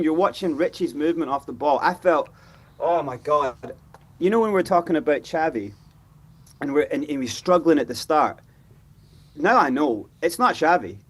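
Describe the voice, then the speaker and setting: A man's voice: high voice, breathy edge. A man hosting a football fan reaction show, talking passionately and with frustration, often acting out what players said. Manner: animated, frustrated, acts out players' voices.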